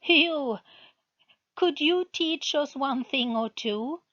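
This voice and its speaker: A squeaky, scornful witch master who leads a small cult, sneering and threatening, as a woman puts him on in her higher register. The voice is bright and thin. The recording sounds muffled and lo-fi. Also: slow. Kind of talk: storybook reading.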